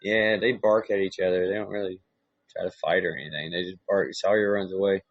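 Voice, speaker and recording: A man's voice: low-pitched, fairly even intonation, a little fast, no room sound. A middle-aged man with a Southern US accent, a podcast host in casual chat, laid-back and swearing a lot. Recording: dull, muffled dry recording.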